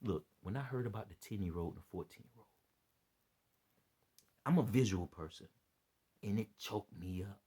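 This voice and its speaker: A man's voice: fairly low pitch, moderate pace, pauses often, dark tone, slightly rough. A tired man rambling through an earnest, preachy monologue to his followers, often repeating himself. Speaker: vlogger giving religious commentary.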